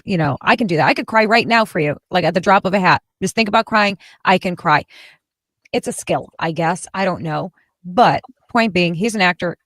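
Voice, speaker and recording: A woman hosting a political talk show, speaking bluntly and sarcastically with animated emphasis. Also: on the low side, no echo. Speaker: host.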